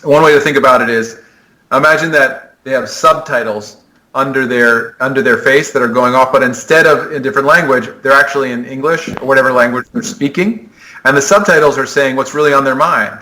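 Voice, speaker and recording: A man's voice: medium pitch, a little fast, pushed and bright, rough recording. A man, a sport psychologist, earnestly explaining ideas in a podcast interview, often restarting his sentences. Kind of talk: conversational explanation.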